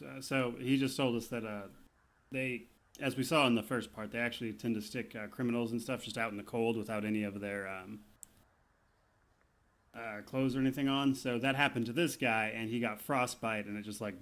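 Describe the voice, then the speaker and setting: A man giving casual let's-play commentary on a game, explaining choices in a relaxed way with plenty of ums and uhs. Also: mid-range voice, normal speed. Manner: relaxed, explanatory, with many fillers. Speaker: gaming streamer.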